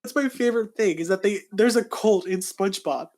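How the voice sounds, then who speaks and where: Excitable podcast co-host, lots of restarts. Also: male voice, high voice, fairly quick. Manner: excitable, stumbling restarts, laughs a lot. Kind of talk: casual chat.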